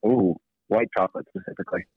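A man's voice: on the low side, fast, breathy edge, no room sound. A man calling into a podcast as a guest, laid-back and casually swearing, heard over a phone line. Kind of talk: casual chat. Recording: tinny phone-line call.

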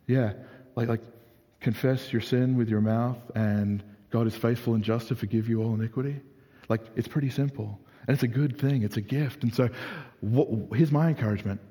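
A young adult man preaching a sermon in a casual, animated way, full of "like" fillers. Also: medium pitch, normal speed. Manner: conversational, animated, frequent "like" fillers. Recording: reverberant hall.

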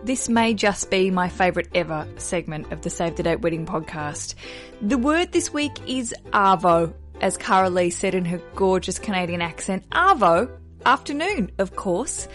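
A woman's voice: on the low side, animated, normal speed, soft background music. An Australian woman hosting a podcast, talking in an upbeat, playful and self-deprecating way. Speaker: podcast host. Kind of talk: chatty podcast monologue.

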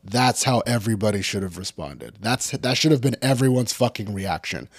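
Low husky guy ranting, swearing nonstop, gets loud, dry close mic. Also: expressive, normal speed, no echo. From California. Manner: profane, heated, builds to shouting. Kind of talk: angry unscripted rant.

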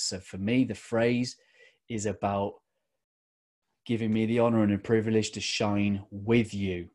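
Earnest, emphatic middle-aged man, lowish voice. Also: darkish tone. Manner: earnest, emphatic, slows down for key phrases. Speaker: motivational podcast host. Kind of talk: reflective motivational talk.

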